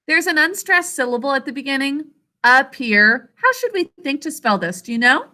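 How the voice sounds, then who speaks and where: A woman teaching a spelling lesson to children over a video call, sounding out each syllable slowly and deliberately. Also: high-pitched, big pitch swings, pushed and bright.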